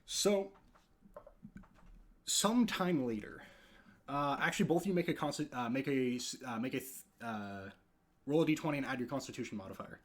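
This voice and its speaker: A man's voice: medium pitch, expressive, normal speed, pauses often. Man narrating as game master. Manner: hesitant, full of fillers.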